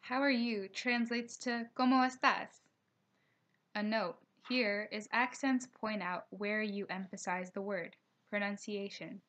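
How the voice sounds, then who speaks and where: A young woman with a voice of middle pitch narrates a recorded slideshow lesson. She reads each slide aloud at a steady pace. She slows down to spell out pronunciation points. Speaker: teacher.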